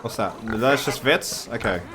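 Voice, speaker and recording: A man's voice: medium pitch, a little slow, noisy background. A man giving casual gameplay commentary, thinking aloud with wry asides. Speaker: gaming channel host.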